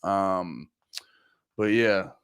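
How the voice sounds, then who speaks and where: A man's voice: deep voice, drawn-out words, fairly bright tone, clear, resonant tone, dry recording. Male podcast host, groggy, rambling and profane, reads chat aloud, dry close sound. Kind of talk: casual livestream chat.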